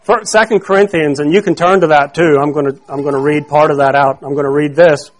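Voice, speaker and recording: High-voiced man preaching conversationally. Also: steady tone, brisk. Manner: conversational preaching, quizzes the congregation to fill in words; repeats and restarts phrases. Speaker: pastor. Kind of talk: sermon.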